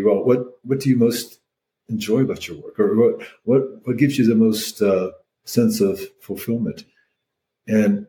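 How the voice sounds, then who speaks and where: Older man, priest, halting reflective talk, dark mellow tone, slight hiss behind. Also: on the low side, poor audio. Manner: hesitant, many restarts and fillers. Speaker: priest, podcast guest.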